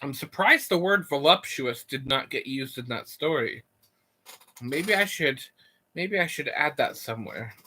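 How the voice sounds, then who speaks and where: Goofy, bright-voiced male streamer. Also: medium pitch, animated, a little slow, slightly rough. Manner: goofy, rambling, reads chat and jokes. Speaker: live streamer. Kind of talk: casual live-stream chat.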